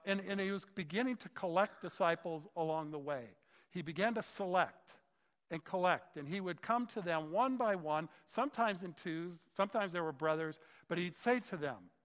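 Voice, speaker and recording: A fairly high-voiced man preaching to his congregation. He talks in a relaxed, conversational way and slips into quick back-and-forth dialogue, with a long reverb from the church hall around him. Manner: conversational, acts out skeptical dialogue. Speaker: pastor. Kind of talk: sermon.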